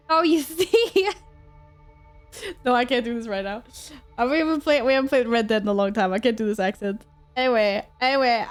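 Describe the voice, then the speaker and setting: A young woman chatting casually on a game stream, joking and rambling with quick self-corrections. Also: fairly high pitch. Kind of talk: casual live-stream chat while gaming.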